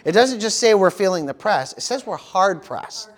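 A man's voice: sits high, expressive, moderate pace. A middle-aged man from the United States preaching a sermon as pastor, peppering his talk with "praise the Lord" and "amen.".

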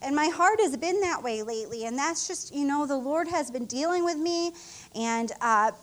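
A woman's voice: high-pitched, lively intonation, moderate pace. A middle-aged woman co-pastor preaching an emotional, heartfelt sermon with rising exclamations.

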